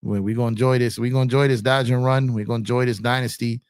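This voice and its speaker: A man's voice: medium pitch, steady tone, rapid-fire, smooth, no echo, studio quality. A man hosting a casual sports livestream, talking in a laid-back, rambling way with lots of fillers and repeated phrases. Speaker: sports channel host.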